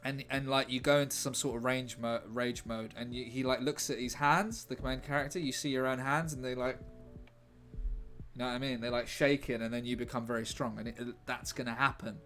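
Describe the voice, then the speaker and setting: This man's medium-pitched voice is steady, brisk and a bit bright as he casually streams himself writing a script. He rambles, cracks jokes and reads the chat aloud while faint music plays.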